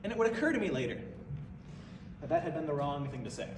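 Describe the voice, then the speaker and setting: Animated man telling a stand-up story. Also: fairly high pitch, fast talker. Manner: animated, breaks into laughter. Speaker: stand-up comedian. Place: stage in a venue. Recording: echoey hall from far off, noisy.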